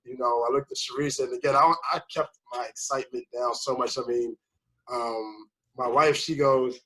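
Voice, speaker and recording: Husky-voiced man telling a long story. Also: mid-range voice, fairly even intonation, normal speed, a bit bright, rough recording. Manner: rambling storyteller who acts out quoted people. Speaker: first-time home buyer guest. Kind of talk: casual conversation.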